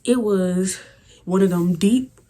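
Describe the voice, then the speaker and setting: A young woman vlogger telling a casual, animated storytime with lots of slang. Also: mid-range voice, takes it slowly.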